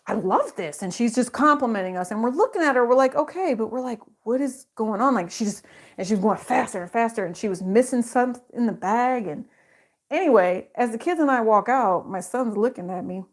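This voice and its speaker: A woman's voice: fairly high pitch, lively intonation, brisk. A middle-aged woman giving a casual, rambling psychic tarot reading, full of fillers and self-interruptions.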